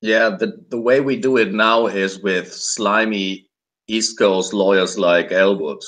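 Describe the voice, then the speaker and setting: Male player, very low voice, slow, gruff in-character delivery. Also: fairly even intonation, a bit bright. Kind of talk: tabletop role-play, in character.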